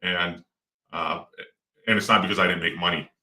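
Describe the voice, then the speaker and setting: A middle-aged real estate investor talks in a loose, rambling way, full of fillers and false starts. His voice sits low but sounds bright and forceful. The mic is far from him, in a roomy, echoing space. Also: steady tone, normal speed. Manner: rambling, with many fillers and restarts. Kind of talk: casual interview talk. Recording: roomy echo, distant mic.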